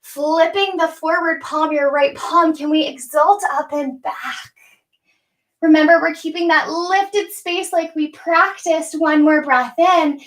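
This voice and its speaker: Woman yoga teacher, high voice, playful guided cues, slightly winded, live class instruction. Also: steady tone, slow pace. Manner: playful, cueing breath and poses with asides. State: slightly out of breath while moving.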